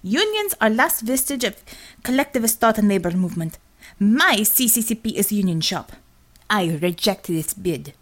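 A woman's voice: medium pitch, sing-song, moderate pace. A woman voicing a zealous Russian woman commissar who speaks in clipped English without articles, with a Russian accent. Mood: stern.

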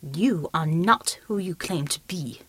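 Lady doing a stern guy, formal and grave, low-ish. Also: animated, measured pace, slightly rough, no echo, exaggerated voice. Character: stern German man with superhuman reflexes.

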